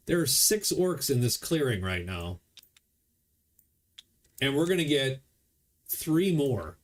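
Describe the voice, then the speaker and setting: A man's voice: medium pitch, sing-song, slow, pauses often. A man casually commenting as he plays a board game solo, explaining the rules as he goes. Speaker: board game player streaming a solo playthrough.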